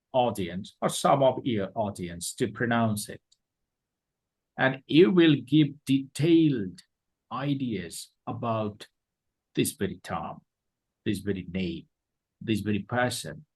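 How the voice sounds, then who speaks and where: A man giving a classroom lecture on presentation skills, deliberate and repeating his points for emphasis. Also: mid-range voice, breathy edge.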